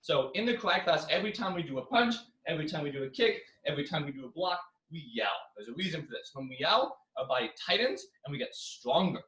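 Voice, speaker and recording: A young man leads a karate lesson from his living room, calling out drills and shouting on each punch. His voice sits a little high and is picked up from across an echoey room. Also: lively intonation, quick pace, hardly any pauses. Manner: coaching, counting drills with loud yells. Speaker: karate instructor. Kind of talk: online exercise class. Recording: echoey room, far from mic.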